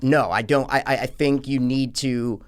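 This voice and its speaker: A man's voice: mid-range voice, normal speed, smooth. Swearing, sarcastic podcast co-host, man. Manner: sarcastic, swears freely, animated. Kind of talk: casual movie review chat.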